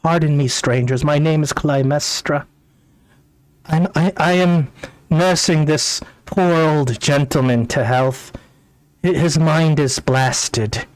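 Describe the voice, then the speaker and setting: A man voicing a kind, elderly human woman who nurses a confused old man, gentle and apologetic. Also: on the high side, slow pace, no room sound, low-quality recording.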